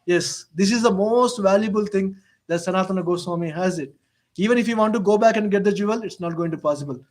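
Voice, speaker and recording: High-voiced man giving a storytelling lecture. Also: darkish tone. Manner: frequent "you know" fillers, retells stories with quoted dialogue; non-native English phrasing. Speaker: lecturer on the Bhagavad-gita.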